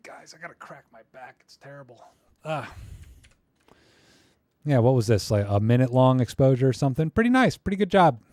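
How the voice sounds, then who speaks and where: A man's voice: medium pitch, moderate pace, long pauses, warm tone, dry recording. A young man talks loosely through viewers' photos on a live stream, joking and going off on rants. His voice sits mid-range and sounds close and dry, with no room around it. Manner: chatty, joking, ranting asides. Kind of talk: casual live-stream chat.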